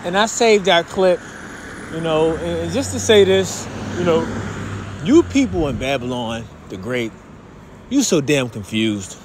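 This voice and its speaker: A man giving a preachy, blunt religious lesson on a vlog from a car, opening with quick formal greetings. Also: on the high side, big pitch swings, background noise. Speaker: religious teacher.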